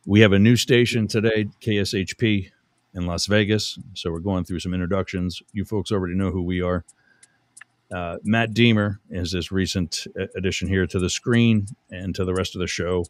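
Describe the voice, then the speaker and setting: A man's voice: low-pitched, steady tone, moderate pace, dry recording. A middle-aged man hosting a radio talk show, rambling and chatty, often interrupting himself with fillers.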